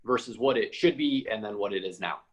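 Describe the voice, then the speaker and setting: A man's voice: fairly low pitch, fairly quick. A man, a reporter, asking a coach a question at a press conference, heard from a distance.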